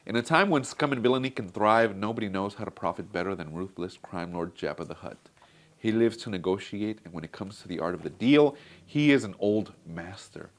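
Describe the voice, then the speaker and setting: A man's voice: deep voice, normal speed. A man casually reviewing a comic book collection, chatty and enthusiastic, talking straight to his viewers. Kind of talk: casual product review vlog.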